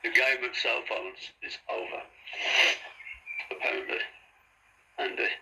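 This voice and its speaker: A man giving blunt shout-outs and complaints in a casual, profane monologue. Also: measured pace, rough recording. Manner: blunt, swears freely. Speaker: vlogger.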